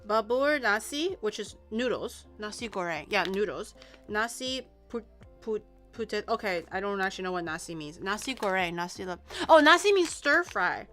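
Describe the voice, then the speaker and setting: Bright, chatty young woman streamer. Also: medium pitch. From Canada. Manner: chatty, excitable, swears casually, lots of "like". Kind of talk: casual live-stream food tasting.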